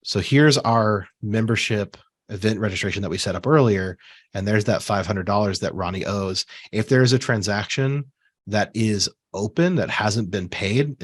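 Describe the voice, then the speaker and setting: Man walking through software on screen. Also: lowish voice, breathy edge, dry recording. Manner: relaxed, conversational, with fillers and asides. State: has the hiccups. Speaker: software trainer. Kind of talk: screen-share software tutorial.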